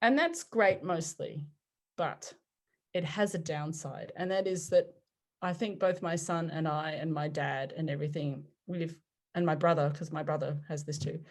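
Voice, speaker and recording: A woman in her forties, a podcast guest telling personal stories in an animated way, often laughing and acting out what people said. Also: sits low, normal speed. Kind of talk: conversational storytelling.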